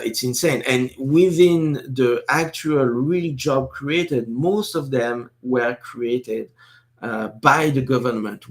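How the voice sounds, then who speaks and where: A man with a French accent hosting a casual live stream, talking with many fillers and restarts while reading viewer comments. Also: medium pitch.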